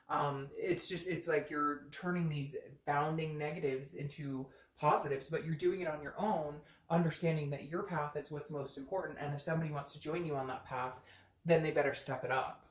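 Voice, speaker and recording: A woman's voice: low voice, fairly even intonation, moderate pace, reverberant. A woman giving a casual, earnest tarot reading to camera, chatty and thinking aloud with many fillers. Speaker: tarot reader.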